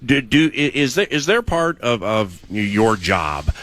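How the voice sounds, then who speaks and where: A man's voice: mid-range voice, very animated, unhurried, fairly bright tone. A man hosting a sports radio interview, asking chatty, enthusiastic questions.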